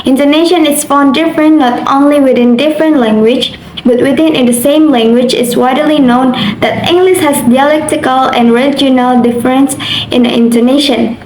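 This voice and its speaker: High-voiced young woman reading notes. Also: steady tone, normal speed, a little mellow. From Indonesia. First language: Indonesian. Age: young adult. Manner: careful reading with occasional slips. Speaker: university student. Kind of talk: reading a class assignment aloud. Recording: roomy echo, faint background noise.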